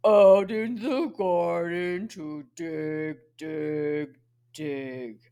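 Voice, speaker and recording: A woman voicing a humble male pig in a children's poem, speaking slowly, deeply and apologetically. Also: steady tone, warm tone. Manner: slow, deep and apologetic. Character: humble low-voiced male pig who digs.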